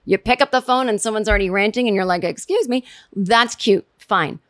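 A woman hosting a podcast, chatting casually and animatedly, jumping into high voices when she quotes people. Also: fairly quick, fairly bright tone, dry recording, clean studio sound. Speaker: podcast host recapping a TV episode. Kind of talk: casual chat.

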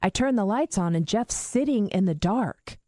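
A woman's voice: moderate pace, no room sound, studio quality. A woman telling a funny family story in casual chat, acting out the quotes. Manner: animated, acts out quotes with big pitch jumps.

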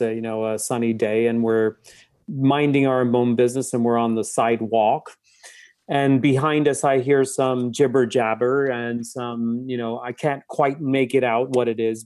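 A man, a book's author, recounting a personal story in a reflective, halting way with frequent restarts. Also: medium pitch, a little mellow, no echo, clean studio sound. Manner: thoughtful, halting, many restarts. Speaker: author and guest.

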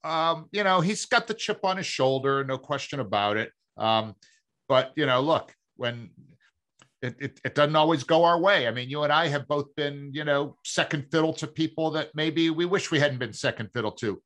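A man's voice: fairly high pitch, animated, normal speed, fairly bright tone. A man from Massachusetts co-hosting a sports podcast, chatting casually and filling his talk with "you know". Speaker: podcast co-host.

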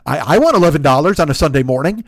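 Fast-ranting profane male comedian. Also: on the high side, expressive, no room sound, clean studio sound. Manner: profane, ranting, acts out quotes. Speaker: comedian and podcast host. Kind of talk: casual profane rant.

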